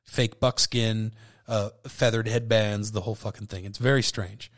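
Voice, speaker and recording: A man's voice: fairly low pitch, steady tone, moderate pace. Tipsy, rambling profane podcast host man. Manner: loose, profane, self-interrupting. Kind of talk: rambling solo podcast chat.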